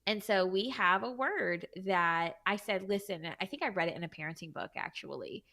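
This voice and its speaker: Bright-voiced woman in casual chat. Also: medium pitch. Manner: curious, quick reactions, laughs. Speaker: podcast co-host.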